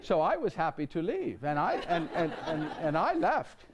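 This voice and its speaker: A man's voice: on the high side, moderate pace, a faint crowd. A man playing a flustered young carpenter. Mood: earnest, flustered. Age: young adult. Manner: animated, stammering repeats, speaks straight to the audience. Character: young male carpenter, nineteen, earnest and flustered. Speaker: actor in one-man show. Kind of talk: live theatrical monologue. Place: church before a live audience.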